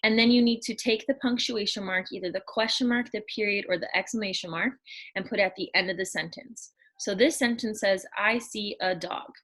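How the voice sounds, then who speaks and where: A woman teaching a lesson to young children, explaining slowly and patiently, step by step. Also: medium pitch, a bit bright, poor audio.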